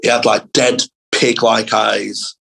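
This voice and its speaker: A young man from England, a comedian guest telling sweary, animated school anecdotes in casual podcast chat. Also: on the low side, slow, gravelly, husky, rough recording.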